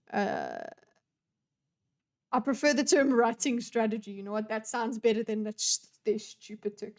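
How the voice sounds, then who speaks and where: A young adult woman giving casual reaction commentary on a debate video, talking bluntly with plenty of swearing and exasperation. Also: a little high. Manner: blunt, profane, exasperated ranting.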